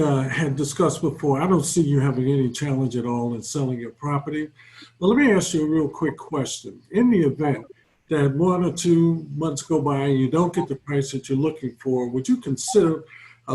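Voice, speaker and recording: Polite man with a slightly high voice. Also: normal speed, a little mellow, poor audio. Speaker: real estate agent practicing a script.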